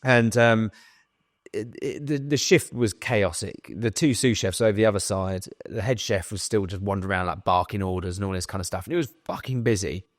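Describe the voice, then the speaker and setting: A young man, a podcast guest, casually telling a lively story, swearing and acting out the lines of the people in it. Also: fairly low pitch, a little fast, no room sound, clean studio sound. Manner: swearing, animated retelling with quoted dialogue.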